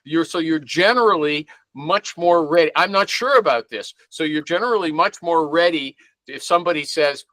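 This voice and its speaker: A man's voice: a little high, animated, normal speed, sharp tone, no echo. A man hosting a casual talk show, probing his guest and thinking aloud. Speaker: show host. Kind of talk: casual podcast chat.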